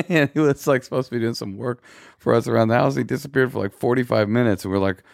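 A man co-hosting a podcast in casual chat, telling stories with lively, shouted impressions. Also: fast, gravelly, dry recording, studio quality. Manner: animated storyteller, shouts quoted lines in a high voice. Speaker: podcast co-host.

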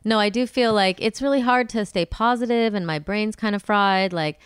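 A woman co-hosting a podcast, chatting casually in a hesitant, halting way. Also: medium pitch, smooth, no echo, studio quality. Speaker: podcast co-host. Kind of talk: casual chat.

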